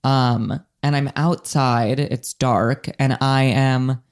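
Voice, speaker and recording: A man's voice: medium pitch, steady tone, takes it slowly, clear, resonant tone. A young adult man casually telling a rambling personal story on a podcast, full of fillers and self-deprecating humor. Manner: rambling, full of likes and ums, laughs at himself.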